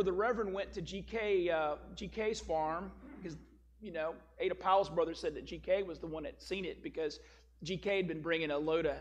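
High-voiced male pastor preaching a sermon. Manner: storytelling, emphatic, rising to stress key words.

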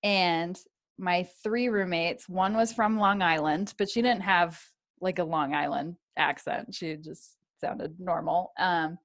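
A woman's voice: fairly low pitch, fairly even intonation, slow pace. A woman hosting a podcast, chatting casually and laughing often. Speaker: podcast host. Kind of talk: casual chat.

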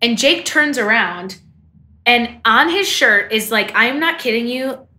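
A woman's voice: on the high side, lively intonation, unhurried, pushed and bright. A young woman co-hosting a podcast, chatting casually and rambling with fillers, often laughing. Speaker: podcast co-host. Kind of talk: casual chat.

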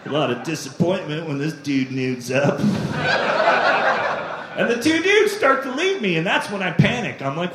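A man performs stand-up and tells profane, self-deprecating stories. His voice sits a little high for a man, and his pitch swings widely. The live recording sounds echoey, with clear noise in the background. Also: sing-song, normal speed. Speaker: stand-up comedian. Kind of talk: stand-up routine. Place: comedy club stage.

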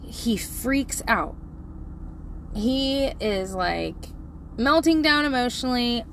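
A middle-aged woman telling a parenting story in a casual, animated, profane way, laughing often. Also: a little high, slow, a little hiss or hum.

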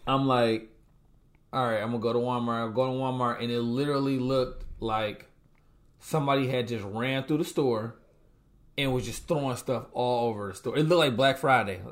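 Young man telling a story with animated asides. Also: medium pitch, normal speed. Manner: animated storyteller who acts out his own reactions. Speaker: co-host, husband. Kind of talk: casual storytelling vlog.

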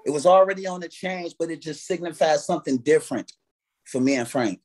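A man's voice: fairly high pitch, brisk, a little mellow. A man, a guest artist telling stories in a casual interview, swearing freely and acting out his own past reactions. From United States.

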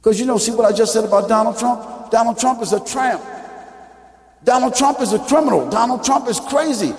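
A man preaching a lecture-style sermon, emphatic and full of rhetorical questions, sometimes rising to a shout. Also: extremely high pitch, a little fast. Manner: rises into shouting at peaks. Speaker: Muslim preacher. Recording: echoey hall with long reverb.

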